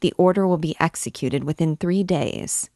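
A woman's voice: mellow, dry recording, clean studio sound, lightly acted. A woman voicing a stern, brooding archdeacon. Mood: grave. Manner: grave, commanding, low and measured, erupting in anger. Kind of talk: audiobook character reading.

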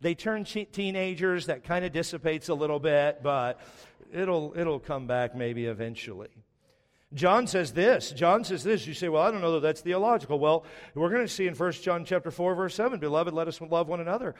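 Impassioned preacher in an echoing hall. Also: male voice, normal speed. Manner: impassioned preaching, swells loud and high then drops to storytelling. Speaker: pastor. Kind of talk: sermon. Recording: long reverb of a large hall.

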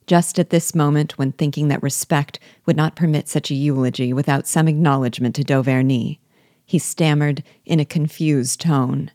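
Woman reading a novel aloud, very low voice, measured pace, dry close sound. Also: mellow, no room sound. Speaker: reader of a classic novel. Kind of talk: unhurried audiobook reading.

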